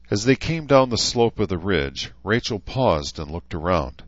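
A man reading a novel aloud as an audiobook narrator, steady and even. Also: sits low, a little slow, few pauses, no room sound. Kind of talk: scripted narration. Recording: dull, lo-fi, dry.

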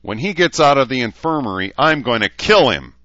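A man voicing a hot-headed young soldier who talks in a loud, furious way. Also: medium pitch, sing-song, brisk, dry recording, dull audio, pitched above the performer's own voice. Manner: shouting, furious.

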